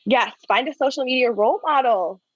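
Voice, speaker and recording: A woman's voice: high voice, brisk, slightly rough, dull audio. A woman guest on a podcast who coaches business owners. She speaks earnestly and keeps checking in with "right?" and "you know". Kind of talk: conversational interview answers.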